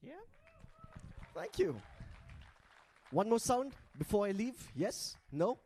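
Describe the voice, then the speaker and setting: Guy hosting a live event on stage, jokey and teasing, bit high, voice bounces around a lot. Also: big pitch swings, slow pace, mellow. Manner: playful, teasing, coaxing the crowd. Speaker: event host. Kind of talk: lively stage hosting with audience games. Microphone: handheld stage mic.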